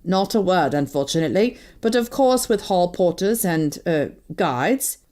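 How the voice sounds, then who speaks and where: A nervous, evasive secretary who stammers and hedges whenever pressed, his voice jumping up and down. A woman narrator puts him on in a warm, mellow storybook reading. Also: fairly low pitch, animated, unhurried. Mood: flustered. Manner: flustered, stammering.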